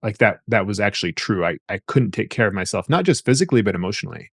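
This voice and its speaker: This is a man with a low, gravelly voice, explaining relationship ideas as an interview guest. He thinks aloud, repeating words as he finds his point. The sound is dry and close. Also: lively intonation, fast talker, fairly bright tone, dry recording. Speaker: therapist guest. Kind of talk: interview conversation.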